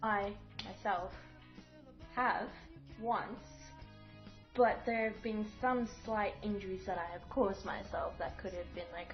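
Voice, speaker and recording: A woman's voice: medium pitch, steady tone, a little slow. A young woman, telling a story to her viewers in a chatty, rambling way, acting out what people said. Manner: chatty, rambling with fillers and acted-out quotes. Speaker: vlogger. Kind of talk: casual storytelling to camera. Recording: dull lo-fi audio with faint music.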